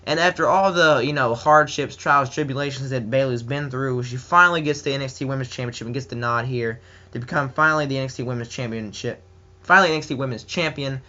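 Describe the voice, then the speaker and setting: A man's voice: medium pitch, fast talker, bright, forceful tone, highs cut off. A man with a Southern US accent giving a casual, enthusiastic solo wrestling review, rambling with many fillers and restarts.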